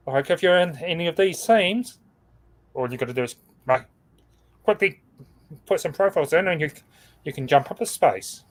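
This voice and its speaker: Male co-host on a video call, slightly high voice, easygoing scoreboard rundown. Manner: talks through a scoreboard, stumbles over names. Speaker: co-host reading team standings. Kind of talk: casual livestream chat.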